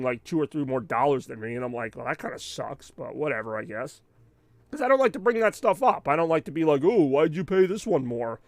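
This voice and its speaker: Male gaming streamer, rambling venting chatter, lively swooping delivery, gravelly fry. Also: a little high, dry recording. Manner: rambling, venting, animated with frequent asides. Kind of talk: casual chat over live gameplay.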